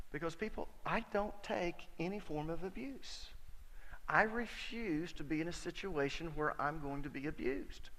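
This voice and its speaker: A man's voice: on the high side, a bit bright. A middle-aged man, a pastor, preaching a sermon and telling a personal story in a folksy, emphatic way. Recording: long hall reverb.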